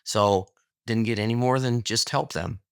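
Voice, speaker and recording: A man's voice: medium pitch, moderate pace, smooth, dry recording, studio quality. A middle-aged man, a podcast guest, telling a personal story casually and acting out the dialogue. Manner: animated storyteller, acts out quoted dialogue.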